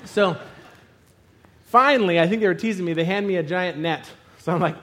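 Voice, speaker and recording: A man preaching a sermon, telling a funny personal story and acting out the scenes with loud exclamations. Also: sits high, fairly quick. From Arizona.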